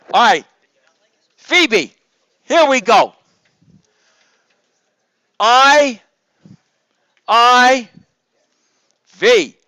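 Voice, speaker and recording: High-voiced, joking lecturer man. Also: no room sound. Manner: joking, coaxing, calls students by name; loud, projects voice to the room. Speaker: engineering professor. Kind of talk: lecture review session. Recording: dull lo-fi, dry sound.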